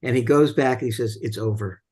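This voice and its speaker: A man's voice: mid-range voice, fairly quick, a little mellow. A man hosting a film discussion, retelling scenes casually with many fillers and restarts.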